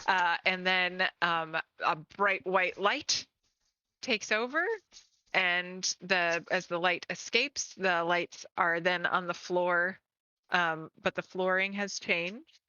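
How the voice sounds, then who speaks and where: A woman game master narrates a tabletop scene in a bright, clear voice, pausing often and filling gaps with "um" and "uh." The recording is dry and a bit dull, like a home stream mic. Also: on the low side, fairly even intonation, no echo. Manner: slow, halting narration with many fillers.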